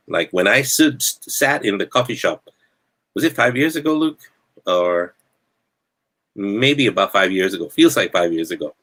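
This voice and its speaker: Man, low voice, podcast host, hesitant, reflective, frequent fillers. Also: fairly bright tone. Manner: halting, many fillers and restarts. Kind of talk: reflective casual talk.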